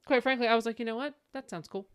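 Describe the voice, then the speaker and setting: A woman co-hosting a book podcast in casual chat, animated and acting out quoted lines. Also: fast, smooth. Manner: animated storyteller, acts out quotes in high voice. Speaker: podcast co-host.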